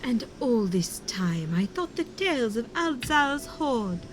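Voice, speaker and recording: A woman's voice: on the high side, sing-song, slow, noisy background, voice pushed up. A woman doing stagey Irish-accented fantasy heroes. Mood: theatrical. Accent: put-on Irish. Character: fantasy game characters, read aloud. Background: game music.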